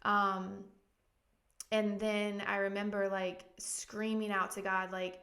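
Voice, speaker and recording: A woman with a gravelly, creaky voice tells her story in an earnest, emotional way, her pitch staying fairly flat. She speaks as a pastor who is a guest on a podcast, with frequent ums and likes. The recording sits in an echoey room. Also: slow. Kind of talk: candid personal testimony in a podcast interview.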